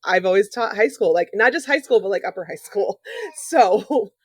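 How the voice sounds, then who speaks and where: A woman's voice: medium pitch, lively intonation, moderate pace, slightly rough, no room sound. A woman music teacher chatting casually on a podcast, upbeat and full of fillers.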